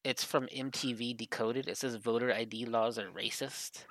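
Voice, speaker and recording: A man's voice: mid-range voice, fairly even intonation, moderate pace, a bit bright, no echo. A man co-hosting a podcast in casual chat, rambling and swearing as he acts out other people's lines. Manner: rambling, profane, acts out quotes. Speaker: podcast co-host.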